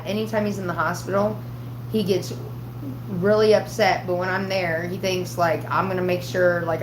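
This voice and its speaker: Lady on a livestream swearing through a story, kinda low voice, roomy echo. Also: slight background noise. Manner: profane, animated retelling with quoted voices. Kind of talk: casual storytelling to viewers. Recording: echoey room.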